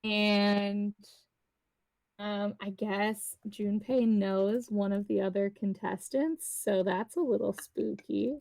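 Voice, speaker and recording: A young woman chats on a stream in an offhand, giggly way. Her voice has plenty of gravelly fry, and the sound is dry and close. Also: medium pitch, fairly even intonation, takes it slowly, a little mellow, dry recording. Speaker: co-host giving a recap. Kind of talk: casual chat.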